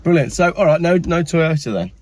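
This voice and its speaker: A man's voice: fairly high pitch, animated, fairly quick, a little mellow. A man hosting a casual chat, talking in an enthusiastic, upbeat way. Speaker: host.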